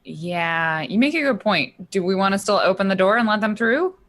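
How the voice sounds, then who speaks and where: A woman's voice: mid-range voice, animated, normal speed, fairly bright tone. A woman playing a tabletop game, chatting casually and suggesting plans. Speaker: player.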